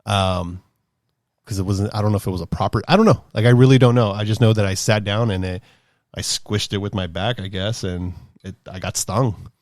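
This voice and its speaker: A man in his thirties casually telling a rambling, animated story as a podcast host, acting out quotes in a higher voice. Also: a little fast, no echo, studio quality. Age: 30s.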